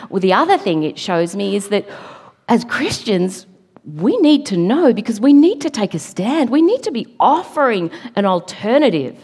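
A middle-aged woman giving an earnest, emphatic church talk, now and then laughing at her own slips. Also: mid-range voice. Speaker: preacher. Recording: long hall reverb.

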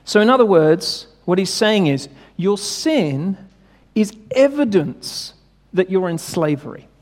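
A high-voiced man preaching to a congregation, casual but emphatic, asking questions and stressing key words. His voice rings out with long reverb through a church hall. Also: expressive, takes it slowly, a little mellow. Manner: conversational, emphatic, rhetorical questions. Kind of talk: sermon.

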